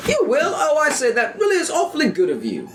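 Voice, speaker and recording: A man voicing a pompous, posh older gentleman traveller in a game, with a plummy manner. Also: high voice, huge pitch swings, a little fast, reverberant, heavy background noise.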